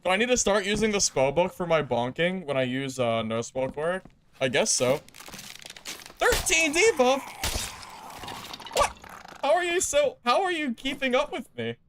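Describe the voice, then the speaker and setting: A young man commenting casually while playing a game, swinging between loud laughing disbelief and low exasperated muttering. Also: very animated, normal speed, long pauses, background noise. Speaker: game streamer.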